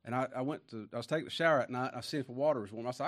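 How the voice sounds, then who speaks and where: Male preacher, mid-pitch, folksy sermon delivery with big swings in volume and slow, weighty scripture reading. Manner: folksy and conversational, swinging from hushed asides to booming emphasis; reads scripture slowly with stretched, weighty phrasing.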